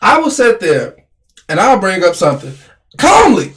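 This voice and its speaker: Animated man with a high, slightly hoarse voice. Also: normal speed. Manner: animated, complaining, repeats himself. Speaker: podcast co-host. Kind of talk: casual argumentative chat.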